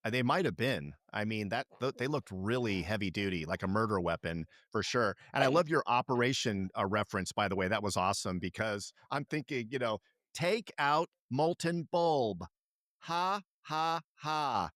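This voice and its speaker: A middle-aged man co-hosts a podcast, chatting casually and animatedly with a fairly low voice, talking fairly quickly with few pauses. He swears now and then and slips into impressions of kids' commercials. The studio sound is clean with no echo.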